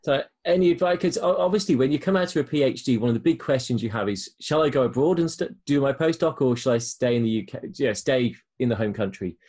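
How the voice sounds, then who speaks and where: A man interviewing a guest in a casual chat, asking quick questions and teasing him. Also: medium pitch, a little mellow, slightly rough. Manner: teasing, joking. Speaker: interviewer, academic.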